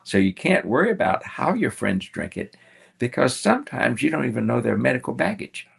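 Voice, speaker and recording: A man's voice: mid-range voice, very animated, fairly quick, gravelly, husky. An older man telling a personal story as a podcast guest, taking on the voices of the people in it as he goes. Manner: warm storyteller acting out quoted dialogue.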